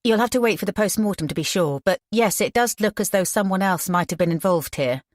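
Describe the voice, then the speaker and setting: A woman's voice: medium pitch, expressive, fairly quick, no room sound, studio quality, close to an everyday voice. A woman narrator voicing a matter-of-fact police doctor giving an early opinion on a death.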